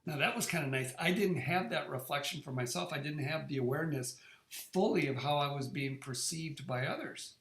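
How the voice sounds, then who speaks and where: In an echoey room, a middle-aged man talks casually about what he's been through, frequently restarting sentences and repeating words. His voice is fairly high, creaky and a bit bright, at a normal speed.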